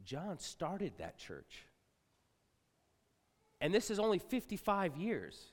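A middle-aged male pastor preaching to a congregation, talking casually and swinging from quiet asides to loud outbursts. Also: sits high, huge pitch swings, slow pace. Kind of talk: sermon. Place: large church hall. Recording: live sermon with long hall reverb.

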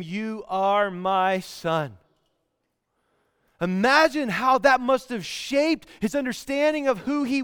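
A man's voice: very high-pitched, a bit bright, clean tone, no echo, clean studio sound, long reverb tail. A man in his thirties preaching a sermon in a church, talking conversationally and asking the congregation to respond. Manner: conversational, asks the room for responses. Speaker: pastor. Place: church sanctuary.

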